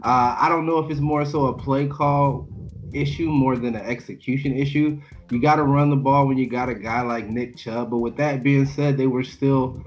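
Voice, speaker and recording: A man co-hosting a sports podcast, giving measured football analysis with frequent fillers. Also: mid-range voice, steady tone, muffled recording, soft background music. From Orlando, Florida. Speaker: podcast co-host. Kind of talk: casual sports analysis chat.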